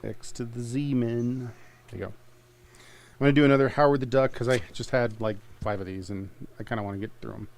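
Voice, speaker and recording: A man's voice: lowish voice, level tone, fast talker, gravelly. Jokey man selling comics on a stream. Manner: jokey, rambling, laughs often. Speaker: host of a live comic sale stream. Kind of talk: casual sales chat.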